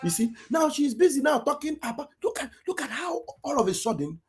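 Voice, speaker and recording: A woman's voice: high-pitched, big pitch swings, brisk, faint music behind. A woman with an Igbo Nigerian accent delivering an impassioned, accusatory political rant, raising her voice at times. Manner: fiery, accusatory, raises voice at times. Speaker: online political commentator.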